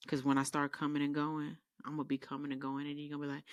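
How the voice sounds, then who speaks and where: A woman's voice: a bass voice, fast, creaky, few pauses, dry recording, studio quality. A woman podcast host telling sassy, rambling comedic stories in a casual monologue. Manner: animated, rambling, sassy storytelling.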